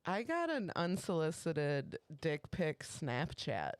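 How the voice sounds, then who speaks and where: A woman's voice: low voice, takes it slowly, clear, resonant tone, no echo. Woman co-host, casual comedic chat, takes her time, dead dry mic. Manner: animated storytelling, frequent laughter. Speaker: podcast co-host.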